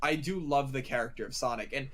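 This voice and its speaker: A man's voice: medium pitch, quick pace, fairly bright tone. A young man co-hosting a casual movie chat podcast, rambling and swearing freely. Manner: rambling, swears freely, does silly voices. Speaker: podcast co-host.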